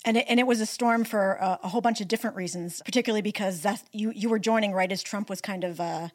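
Woman interviewer, mid pitch, dry close mic, easygoing questions. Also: quick pace, dry recording. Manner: conversational, searching for words. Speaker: interviewer, journalist.

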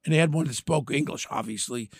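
An older man, hosting a podcast and telling crime stories in an animated, brash way. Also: a little high, quick pace, gravelly, no echo, studio quality. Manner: animated, brash storytelling, acts out quotes. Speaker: podcast host. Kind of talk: storytelling chat.

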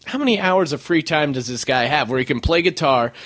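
A man's voice: fairly high pitch, expressive, brisk, fairly bright tone. A man hosting a podcast in casual, rambling chat, laughing often. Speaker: podcast host.

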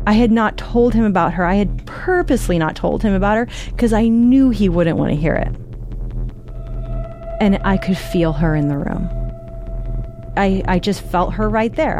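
A woman appears as a guest storyteller, sharing a personal story in a candid, conversational way and sometimes acting out what people said. Her voice is mid-range and a little mellow.

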